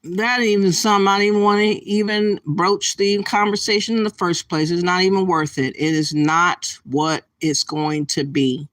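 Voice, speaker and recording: Man, slightly high voice, earnest and emphatic, dry sound. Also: steady tone, normal speed, hardly any pauses, a bit bright, dry recording. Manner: earnest and emphatic, with some hesitations. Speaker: commentary co-host. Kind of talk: earnest casual commentary.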